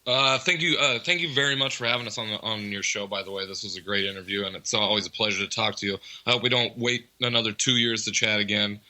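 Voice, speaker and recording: A man, a rock band member, chatting casually as a guest in an interview, relaxed and rambling with lots of fillers. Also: on the low side, fast talker, few pauses, poor audio.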